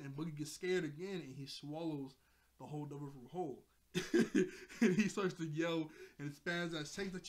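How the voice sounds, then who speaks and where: A man's voice: fairly high pitch, a little fast. Rambling man recapping a cartoon. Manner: rambling, laughs often, corrects himself mid-sentence. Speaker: anime reviewer. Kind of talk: casual episode recap commentary.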